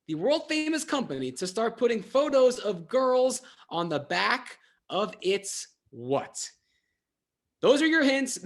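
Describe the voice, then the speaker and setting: A man hosts an online trivia game with an upbeat, playful manner. His voice sits high and he swings it around with animated energy. He keeps things light with self-mocking jokes as he walks players through the rounds.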